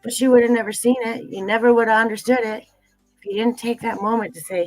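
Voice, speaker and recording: A woman's voice: fairly high pitch, steady tone, fast talker, darkish tone, faint music behind, poor audio. A middle-aged woman talking earnestly in a livestream conversation, repeating phrases and using many fillers. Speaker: tea business founder, guest.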